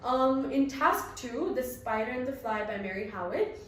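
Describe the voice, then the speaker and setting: A woman's voice: on the high side, lively intonation, moderate pace, distant mic, slight background noise. Earnest teenage girl in an echoey room. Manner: earnest, rehearsed, with frequent ums. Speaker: drama exam candidate. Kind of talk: exam recitation and spoken reflection.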